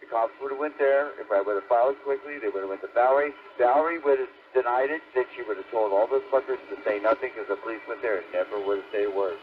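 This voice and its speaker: A man's voice: fairly low pitch, brisk. An older man, a ham radio operator, ranting angrily and profanely on the air with threats. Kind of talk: heated on-air argument. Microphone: radio transceiver microphone. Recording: tinny ham radio transmission.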